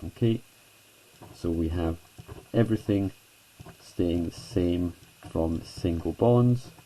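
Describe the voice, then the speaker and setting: A man's voice: deep voice, slow pace, warm tone, poor audio. A man teaching a chemistry lesson at a whiteboard, chatty and self-deprecating, talking students through each step.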